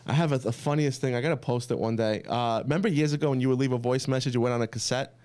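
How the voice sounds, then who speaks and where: Thirties NYC guy, podcast guest, chatty storyteller, mid-pitched voice. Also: rapid-fire. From United States. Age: 30s. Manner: storytelling, animated when quoting family. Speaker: podcast guest, pizza chef. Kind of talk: casual podcast conversation.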